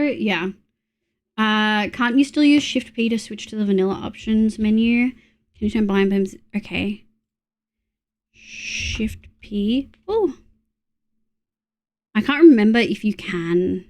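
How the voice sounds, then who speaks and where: Chatty young Australian woman streaming. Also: fairly high pitch. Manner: chatty, muttering to herself, swears when annoyed. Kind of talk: casual live-stream chat while gaming.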